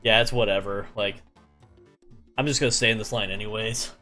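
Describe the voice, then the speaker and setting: A man's voice: lowish voice, steady tone, a little fast, pushed and bright, faint music behind. A man doing a cocky dismissive young bro.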